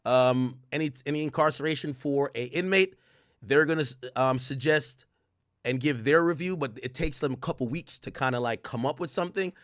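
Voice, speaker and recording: High, bright-voiced joking streamer man. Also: normal speed, no echo, studio quality. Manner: animated, joking, profane, laughs often. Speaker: livestream host. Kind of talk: comedic legal commentary stream.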